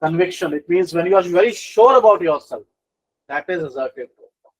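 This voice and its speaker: A middle-aged male instructor gives a live online lecture on business communication, with a voice a little higher than usual. He talks in an animated way, circles back over his points, and fills pauses with frequent fillers. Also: poor audio. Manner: animated lecturing, with many fillers and repeated phrases.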